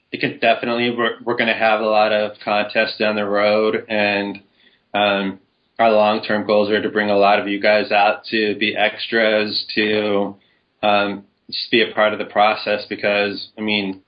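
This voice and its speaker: A man's voice: fairly low pitch, monotone, unhurried, lo-fi sound. A man talking eagerly as a guest on a casual podcast, rambling about his web series. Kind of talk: casual interview chat.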